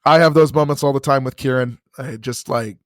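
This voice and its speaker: A man's voice: mid-range voice, steady tone, fairly quick, no room sound, clean studio sound. A man co-hosting a casual podcast, telling stories in a frank, profane way. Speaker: podcast co-host.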